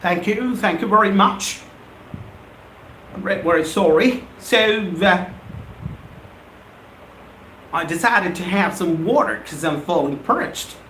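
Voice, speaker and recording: A man teaching an English lesson on a live stream, emphatic and repeating phrases in slow deliberate drills. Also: sits high, expressive, sharp tone, slight background noise. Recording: echoey room with faint ambience.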